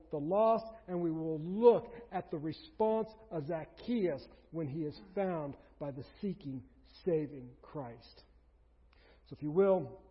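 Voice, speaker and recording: A man's voice: high voice, slightly rough. A man preaching a sermon as pastor, emphatic, driving his points home through repeated phrases. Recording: dull sound with long hall reverb.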